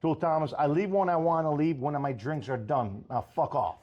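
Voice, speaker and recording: A man's voice: a little high, normal speed, highs cut off. Fiery, profane older-sounding restaurant owner man. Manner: animated, profane, fiery storytelling. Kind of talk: storytelling in casual chat.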